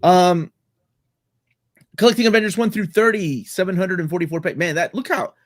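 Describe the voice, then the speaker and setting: A man's voice: high voice, moderate pace, dry recording. A man hosting a casual video-call podcast, talking enthusiastically and rambling with lots of fillers. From Latin America. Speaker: podcast host. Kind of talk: casual comic-book chat.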